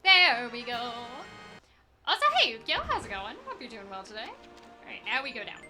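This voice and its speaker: A woman's voice: on the high side, sing-song, normal speed, pushed and bright, faint music behind. A woman streaming a speedrun, chatting loosely and answering chat as she plays, self-deprecating and giggly. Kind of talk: casual live gameplay commentary.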